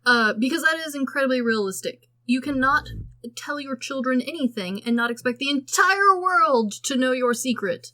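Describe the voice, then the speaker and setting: A woman's voice: sits high, moderate pace. A woman co-hosting a podcast, chatting casually and sarcastically about a movie, acting out lines as she goes. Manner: sarcastic, animated, acts out quotes. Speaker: podcast co-host. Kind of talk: casual movie review chat.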